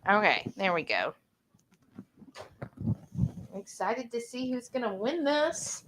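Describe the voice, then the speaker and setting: A woman, co-hosting a live cooking stream and reading viewer comments aloud in a casual, unhurried way. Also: fairly high pitch, sing-song, very noisy. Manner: slow, unhurried, lots of ums.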